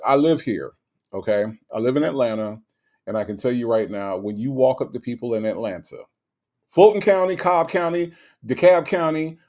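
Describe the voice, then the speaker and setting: A man's voice: medium pitch, darkish tone. A man hosting a live stream in casual, slangy commentary. He reads out chat comments and fires back rhetorical questions, often repeating himself. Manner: slangy, conversational.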